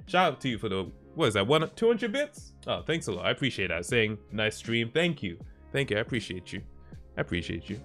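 A relaxed male livestreamer with a mid-range voice, chatting loosely with his viewers and chuckling along the way. Soft background music runs quietly under his talk. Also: medium pitch. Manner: laid-back, chuckling, talks to chat. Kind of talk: casual chat, reacting to viewer posts. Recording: stream with faint background music.

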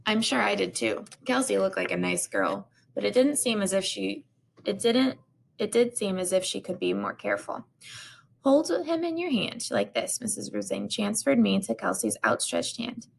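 A woman's voice: medium pitch, big pitch swings, normal speed, gravelly, a little hiss or hum. A woman reading a children's chapter book aloud, stumbling and restarting now and then. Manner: unpolished reading with restarts and repeated words.

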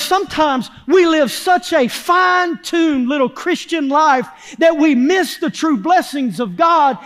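High-voiced, fervent preacher. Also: male voice. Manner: fervent preaching, shouting at peaks then dropping low and quiet; folksy Southern phrasing. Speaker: pastor. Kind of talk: sermon. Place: church sanctuary.

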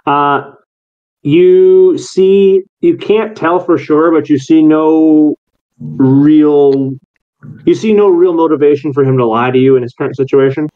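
A man running a tabletop role-playing game, narrating scenes and calling for dice rolls in a relaxed, matter-of-fact way. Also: a little high, a little slow. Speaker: game master. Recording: muffled lo-fi recording.

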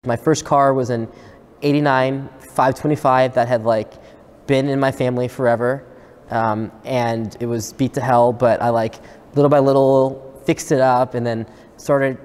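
A man casually telling a story about his first car, with a relaxed delivery full of fillers. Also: medium pitch. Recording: long reverb.

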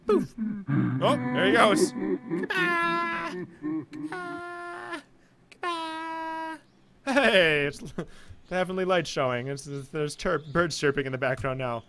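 A man giving jokey let's-play commentary on a horror game, reacting loudly and reading notes aloud. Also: a little high, moderate pace, slight background noise. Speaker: gamer playing a horror game. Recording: loud game music behind voice.

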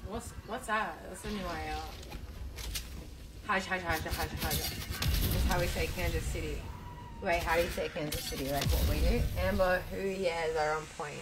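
A woman's voice: lowish voice, normal speed, loud music behind the voice. A young woman streaming a game, chatting casually, reading out viewer comments and swearing freely. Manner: chatty, swears freely, jumps between topics. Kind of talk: casual chat while gaming and reading out comments.

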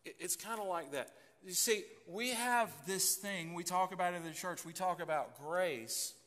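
A long church-hall reverb surrounds a pastor giving a sermon in the sanctuary. He leans high in pitch, with a fairly bright tone, and talks in a homey, conversational style, frequently restarting what he says.

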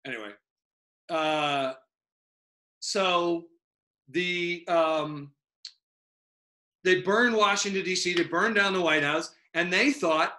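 A man teaching an online history class in an animated, joking, rambling way over a video call. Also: high-pitched, slow pace, pauses often.

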